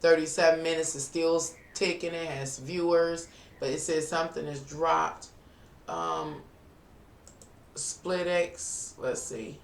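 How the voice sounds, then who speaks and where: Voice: mid-range voice, takes it slowly, slight background noise. A live streamer and tarot reader in a casual live-stream chat, thinking aloud to viewers while working on a computer. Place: indoors at a computer. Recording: roomy, distant mic with faint music.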